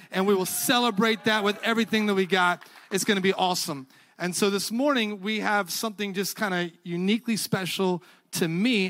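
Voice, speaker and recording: A man's voice: high voice, fairly bright tone, dry recording. A man, the church's pastor, welcoming the congregation and online viewers and introducing his younger brother with jokes. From North Carolina. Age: older than his brother. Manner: upbeat, joking.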